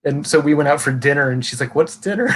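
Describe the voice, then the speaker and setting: Talking fast in a mid-range, fairly bright voice with little pitch movement, this Californian livestream host rambles through chat, restarting often and cursing casually.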